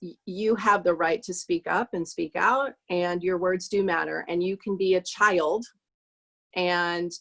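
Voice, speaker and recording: A woman's voice: lowish voice, steady tone, vocal fry. A woman guest in a casual conversation who affirms the others and praises what they say. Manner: warm, affirming, quick to praise.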